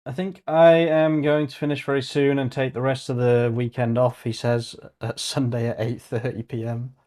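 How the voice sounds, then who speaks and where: A man's voice: medium pitch, level tone, normal speed, a little mellow. A young man vlogging as he works, thinking aloud and muttering to himself, with casual swearing. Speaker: vlogger coding on stream.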